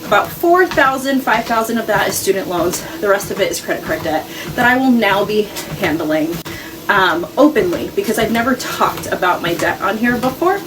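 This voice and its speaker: A woman's voice: mid-range voice, lively intonation, moderate pace, recorded from a distance, background noise. A woman speaking candidly in a chatty walk-and-talk vlog while walking on a walking pad at home. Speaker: vlogger with a corporate job.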